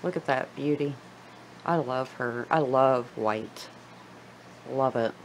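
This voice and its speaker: Slow, low-voiced woman giving a plant tour. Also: slight background noise, rough recording. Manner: chatty and gushing, trails off mid-sentence. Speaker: plant vlogger. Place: living room at home.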